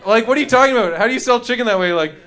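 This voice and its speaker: A man's voice: extremely high pitch, animated, rapid-fire, bright, forceful tone, slight background noise. A man doing loose, profane stand-up comedy, riffing with the audience and making yelping sound effects. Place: comedy club stage with live audience.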